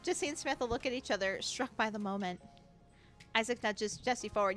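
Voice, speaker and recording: Chatty bright-voiced woman streamer. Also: on the high side, brisk, faint music behind. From United States. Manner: chatty, giggly, swears casually. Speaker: game streamer. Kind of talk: reading game text aloud with casual commentary.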